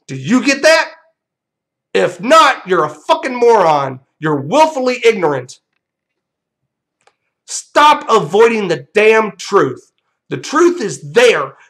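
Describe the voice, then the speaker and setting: High-voiced man ranting angrily. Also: sing-song, slow pace, long pauses, fairly bright tone. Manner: profane, ranting, combative. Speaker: channel host. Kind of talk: angry rant vlog.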